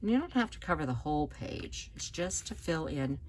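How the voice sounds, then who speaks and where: A woman giving a chatty, relaxed hands-on card-making tutorial, talking as she works at her craft table. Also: deep voice, normal speed, slight background noise. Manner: chatty, relaxed, talks while working. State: hiccups.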